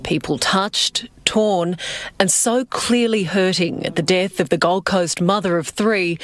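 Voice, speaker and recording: A woman narrating a TV news report in a measured, emotive way. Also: fairly low pitch, dry recording.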